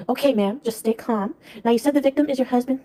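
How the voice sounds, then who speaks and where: A woman acting as a patronizing emergency dispatcher in a comedy skit. She rattles off questions at a fast clip in a dark, mellow voice, flat and condescending. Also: sits high. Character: rude incompetent female 911 dispatcher. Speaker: skit actor.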